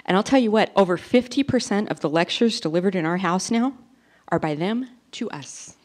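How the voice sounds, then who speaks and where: A woman in her forties performing a self-deprecating stand-up comedy routine, telling stories with animated delivery. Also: mid-range voice, fairly quick. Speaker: stand-up comic.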